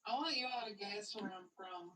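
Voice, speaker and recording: A woman's voice: medium pitch, a little fast, fairly bright tone, far from the mic, slight background noise. A woman from West Virginia with an Appalachian accent, a giggly, friendly guest chatting on a live stream. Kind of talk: casual live stream chat.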